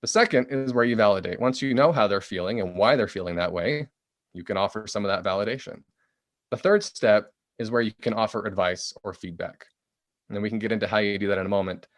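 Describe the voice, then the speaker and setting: A man's voice: on the low side, no echo, clean studio sound. A man, a book author, explaining as a podcast guest in an easy conversational way, often acting out short quoted phrases. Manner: animated, acts out quoted phrases.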